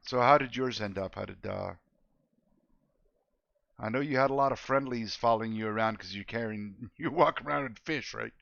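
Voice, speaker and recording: A man's voice: mid-range voice, normal speed, vocal fry, fairly bright tone, dry recording, muffled recording. A man streaming a video game, chatting casually with viewers in a laid-back, joking way and laughing often. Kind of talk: casual gameplay chat with viewers.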